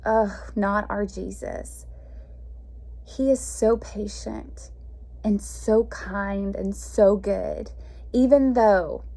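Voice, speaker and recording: A woman's voice: medium pitch, vocal fry, dark tone. A woman, reading and explaining a Bible passage in a folksy, conversational way. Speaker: Bible teacher. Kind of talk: informal devotional teaching.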